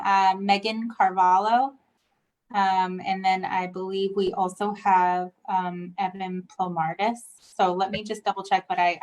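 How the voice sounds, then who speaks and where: A woman's voice: fairly low pitch, lo-fi sound. A woman staffer running an online meeting, businesslike and apologetic. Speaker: hearing staff. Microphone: video call.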